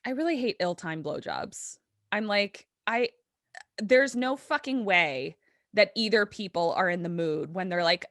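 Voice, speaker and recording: A woman's voice: mid-range voice, sing-song, moderate pace, fairly bright tone, no room sound, clean studio sound. A woman podcaster animatedly recapping a horror episode at a live event, salting it with profanity and constant "like"s.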